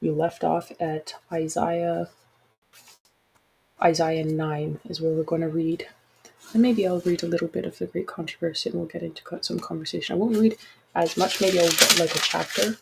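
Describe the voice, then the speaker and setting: A woman's voice: on the low side, steady tone, normal speed, vocal fry, a little hiss or hum, low-quality recording. A woman hosting a casual livestream, talking frankly and chattily with apologetic asides to her listeners. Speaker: podcast host.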